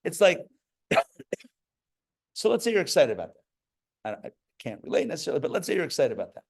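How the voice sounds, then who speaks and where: A man giving a lively sermon as a rabbi at a live class, talking in an animated way with joking asides and acted-out quotes. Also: fairly high pitch, fast talker, creaky. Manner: animated, acts out quoted voices, jokey asides. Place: live class before an audience.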